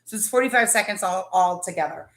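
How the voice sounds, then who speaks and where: A woman hosting a casual live chat from her kitchen, excitable and gushing about food. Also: medium pitch, fast, roomy sound. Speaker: livestream host.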